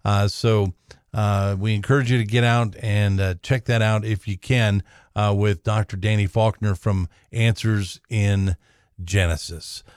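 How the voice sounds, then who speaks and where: A man's voice: lowish voice, fairly even intonation, a little slow, a little mellow, no room sound. A man hosting a live radio show from a studio, talking loosely with lots of uhs. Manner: loose, filler-heavy talk with many uhs. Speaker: radio host.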